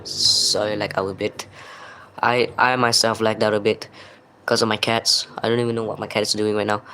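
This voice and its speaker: A man's voice: lowish voice, flat delivery, sharp tone, a little hiss or hum, poor audio. A young man hosting a livestream, reading out viewer comments one after another and apologizing often. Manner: reads viewer comments in quick succession, apologetic. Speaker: livestream host. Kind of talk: reading live chat aloud.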